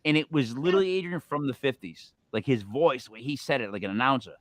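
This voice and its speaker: Man, podcast host, joking storyteller, bright voice, dry sound. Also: medium pitch, animated, quick pace, no echo. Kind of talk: casual chat.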